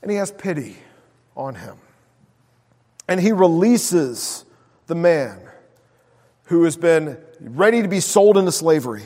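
Male pastor, high voice, chatty sermon delivery with hushed emphasis, lingering hall reverb. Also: big pitch swings, a little slow, long pauses. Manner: conversational preaching, drops to near-whisper on key words.

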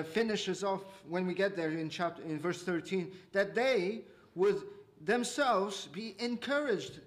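A man preaching an expository sermon, earnest and halting, with frequent hesitations and restarts, slowing down to stress key phrases. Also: sits high. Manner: slows and rises for emphasis.

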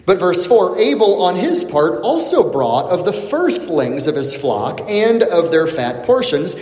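A man's voice: high voice, measured pace, echoey room, in a large hall. A man, a pastor, preaching a biblical teaching sermon, building emphasis as he goes. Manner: expressive preaching with rising emphasis and many restarts.

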